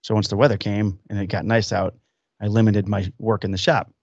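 A man's voice: lowish voice, little pitch movement, a little fast, a little mellow, no echo, highs cut off. A man in his fifties hosting a podcast, chatting casually and telling rambling anecdotes full of acted-out quotes from other people. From Illinois. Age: 50s. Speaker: podcast host. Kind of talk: casual storytelling chat. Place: home workshop basement.

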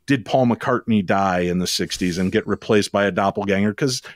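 A man who hosts a paranormal radio show, telling stories as a podcast guest in a lively, quick way with sudden jumps in pitch. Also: no room sound. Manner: animated, quick storytelling with sudden rises in pitch. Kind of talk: storytelling in a podcast interview.

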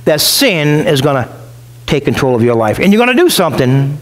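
A man's voice: fairly high pitch, very animated, a little fast, poor audio. A male pastor preaching a sermon in a conversational way, acting out the voices of the people he quotes. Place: church.

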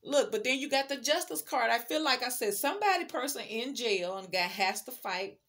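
A woman's voice: a little high, animated, moderate pace, fairly bright tone. A woman giving a casual tarot reading, chatty and emphatic, speaking straight to the viewer. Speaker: tarot card reader.

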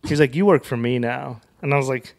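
A man's voice: medium pitch, brisk, creaky. A young adult man from Wyoming, a comedian and author, casually telling a long anecdote on a podcast and acting out the people in it with quoted dialogue. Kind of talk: casual storytelling in a podcast interview.

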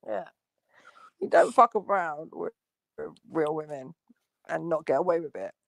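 A woman's voice: deep voice, animated, moderate pace, creaky, crowd noise. An Irish woman trading crude, brash trash talk in a joking livestream panel chat. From Ireland.

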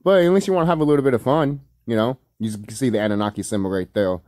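A man's voice: mid-range voice, quick pace, a little mellow, dry recording, clean studio sound. A man giving casual, rambling reaction commentary on a cartoon, full of fillers, swearing and laughter. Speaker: video commentator.

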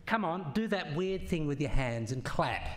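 Man, comic debater, playful, animated intonation. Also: fairly high pitch, moderate pace, very noisy. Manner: playful, rhetorical, jokey. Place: stage at a science festival debate.

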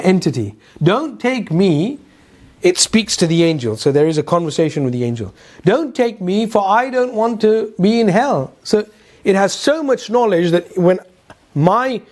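High-voiced man giving a Quran lesson. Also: darkish tone. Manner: storytelling with rhetorical questions and asides; hesitant fillers, repeats words. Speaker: Quran teacher. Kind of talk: religious lecture.

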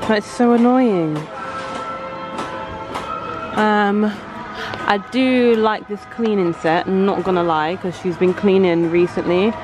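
A woman's voice: mid-range voice, steady tone, takes it slowly, long pauses, music in the background, poor audio. A woman filming a casual vlog as a mother, talking in a chatty, exasperated, rambling way on a handheld camera in a supermarket. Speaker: vlogger and mother. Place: supermarket, indoors.

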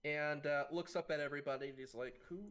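A man's voice: fairly high pitch, fairly even intonation, fairly bright tone, smooth. A man narrating a live tabletop game as game master, with many fillers and restarts. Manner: halting, frequent fillers and restarts. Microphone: streaming mic.

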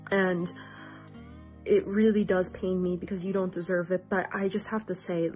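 A woman giving an earnest, emotional get-well message to a friend, repeating herself for emphasis. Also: medium pitch.

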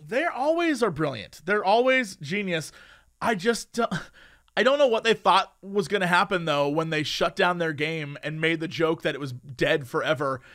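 A man's voice: on the high side, moderate pace. A man co-hosting a podcast in casual, joking chat. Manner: animated, joking. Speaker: podcast co-host. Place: lives in Los Angeles.

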